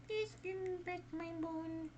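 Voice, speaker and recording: A man's voice: extremely high pitch, fairly even intonation, measured pace, darkish tone, slight background noise, voice pushed up. A man voicing a small ghostly voice that asks for its bone in a spooky story reading. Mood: pleading.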